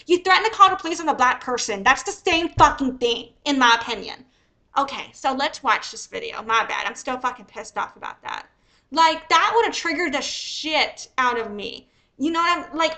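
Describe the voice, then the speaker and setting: A woman streamer giving heated, profane livestream commentary with fast angry rants. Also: high voice, bright, forceful tone.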